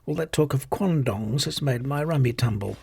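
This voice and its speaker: A man's voice: medium pitch, expressive, normal speed, creaky, darkish tone, breathy edge, no echo, clean studio sound, full character voice. A man voicing a fussy, chattering young vegan woman who complains nonstop in a storybook reading. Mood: complaining. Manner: babbling, aggrieved.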